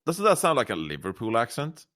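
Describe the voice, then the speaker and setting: A man's voice: medium pitch, huge pitch swings, brisk, a bit bright, no echo, studio quality. A Swedish man chatting casually in English on a podcast, chiming in with short remarks. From Sweden.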